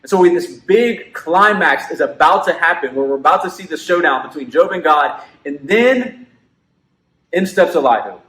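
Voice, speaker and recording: A man's voice: fairly high pitch, lively intonation, moderate pace, a bit bright. A man leading a student ministry Bible lesson, explaining earnestly and building toward dramatic moments in the story. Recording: echoey room.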